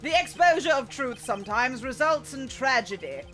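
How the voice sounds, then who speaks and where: A woman's voice: high voice, lively intonation, normal speed, fairly bright tone, soft background music. A woman voicing a poised young male prosecutor in a put-on British accent, formal and clipped, reading game dialogue aloud. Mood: cool.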